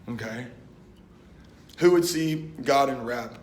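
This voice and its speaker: A young man and Christian rapper giving a casual, slang-filled faith talk, retelling a Bible story and acting out its voices. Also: normal speed. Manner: animated and slangy, acting out voices with "boom" and "bet". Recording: roomy echo.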